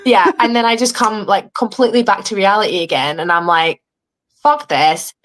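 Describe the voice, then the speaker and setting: A young woman with an English accent talks through her story from home in a casual interview. She is animated and swears freely. She voices other people's lines as she retells what happened. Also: medium pitch, a little fast, a little hiss or hum. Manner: animated, swearing, acting out quoted dialogue. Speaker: reality show contestant, guest.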